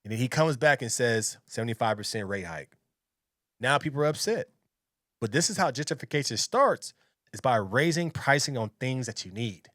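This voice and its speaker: A man's voice: medium pitch, animated, normal speed, a bit bright, dry recording, clean studio sound. A man hosting his own reaction channel, giving blunt, opinionated commentary and often repeating himself. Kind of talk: casual commentary.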